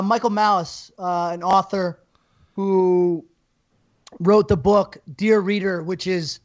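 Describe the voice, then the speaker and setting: Flat-voiced man on a dull, lo-fi mic. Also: high voice. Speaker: podcast co-host. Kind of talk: casual podcast plug. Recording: slightly dull, lo-fi audio.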